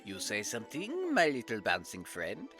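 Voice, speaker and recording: A woman's voice: a bass voice, wildly swooping pitch, moderate pace, fairly bright tone, soft background music, voice pushed down, exaggerated voice. Waka, a woman doing a smug French-flavored prophet. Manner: smug, theatrical, sprinkles French words. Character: suave male prophet with showy French flair. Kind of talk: reading game dialogue aloud on stream.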